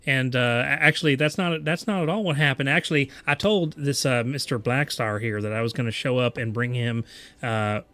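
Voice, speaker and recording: A man's voice: medium pitch, brisk, fairly bright tone, close to an everyday voice. A man voicing a chatty young woman courier with an attempted Southern accent, rambling and correcting herself. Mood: flustered. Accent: attempted American Southern.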